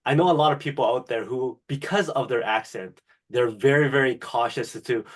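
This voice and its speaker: A man hosts a podcast and puts thoughtful questions to his guest. He pauses and restarts now and then as he shapes each question. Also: mid-range voice. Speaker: podcast host. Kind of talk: interview questions.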